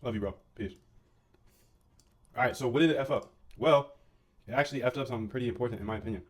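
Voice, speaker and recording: A man's voice: mid-range voice, fast. A man casually chatting through a live coding and trading stream, loose and slangy, bantering with his chat and chewing food as he talks. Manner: eating while talking. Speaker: livestreaming coder and trader.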